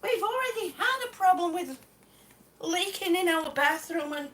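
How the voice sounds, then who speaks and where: A woman's voice: very high-pitched, expressive, normal speed, a bit bright. A woman live-streaming a complaint about damaged tiles at home, exasperated and sarcastic, swearing now and then. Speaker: vlogger. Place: home, indoors.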